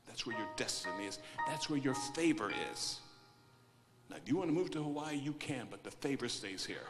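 A man preaching a sermon, moving from hushed quiet passages to loud, emphatic storytelling. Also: mid-range voice, expressive, moderate pace. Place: church hall. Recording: large hall reverb with music behind. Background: instrumental music.

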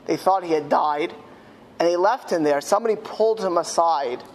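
A man, a rabbi, telling a story in a speech to school students. He slows down emphatically on key words. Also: fairly high pitch, long reverb tail, slight background noise. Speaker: rabbi giving a talk at a school. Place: school hall.

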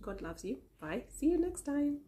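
A woman's voice: high-pitched, very animated, normal speed. Earnest woman preaching. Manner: earnest, emotional and pleading, with soft whispered repeats. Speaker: vlogger sharing a testimony. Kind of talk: heartfelt religious testimony and encouragement.

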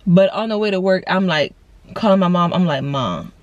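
Young woman in her twenties, casual storytime vlogger, lively voice jumps, dry close sound. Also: on the low side, fairly quick, no room sound, muffled recording. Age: 20s. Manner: animated storytelling with big voice jumps for quoted lines; casual slangy talk, addresses viewers as y'all. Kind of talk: storytime vlog.

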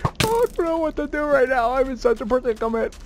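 A man doing let's play commentary as a gaming host, excitable and quick to swear, yelling at sudden scares and bragging playfully. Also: extremely high pitch, background noise. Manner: playfully boastful.

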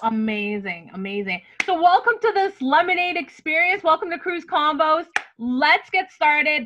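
Upbeat woman host, voice swoops all over, bright and kinda high. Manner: enthusiastic, laughs often. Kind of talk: hosting an online panel.

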